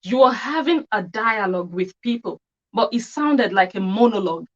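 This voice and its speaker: A woman's voice: mid-range voice, expressive, normal speed, muffled recording. A woman giving an opinionated commentary monologue on her channel, scornful and full of rhetorical questions. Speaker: commentary vlogger.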